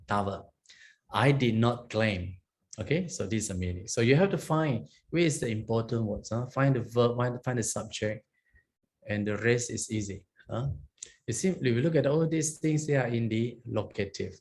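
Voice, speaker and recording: A man, teaching Pali grammar as a monastic teacher. He explains patiently, often checks in with "huh?" and "okay?", and chants Pali phrases slowly. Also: medium pitch.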